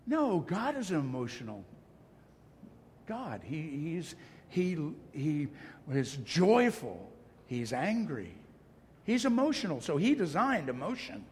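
A man preaching with passion and emphasis, his voice sitting a little higher than most. His words ring out through the long reverb of a large hall, and a faint room hum sits underneath. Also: huge pitch swings, slow. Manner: passionate, emphatic preaching with self-deprecating asides. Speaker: pastor. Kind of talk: sermon.

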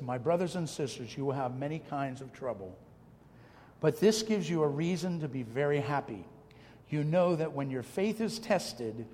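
A man preaching with passion and emphasis, his voice sitting a little higher than most. His words ring out through the long reverb of a large hall, and a faint room hum sits underneath. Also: mellow. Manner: passionate, emphatic preaching with self-deprecating asides. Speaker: pastor. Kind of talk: sermon.

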